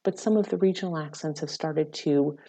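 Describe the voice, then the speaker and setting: A woman psychology lecturer, a podcast guest, explaining her research in a measured, explanatory way. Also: low-pitched, warm tone. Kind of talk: academic podcast interview.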